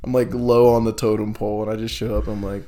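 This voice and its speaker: A man's voice: on the low side, little pitch movement, fast talker, mellow. A young man co-hosting a podcast, chatting casually and telling stories with lots of laughter and fillers. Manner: laughing storyteller, filler-heavy. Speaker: podcast co-host. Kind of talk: casual chat.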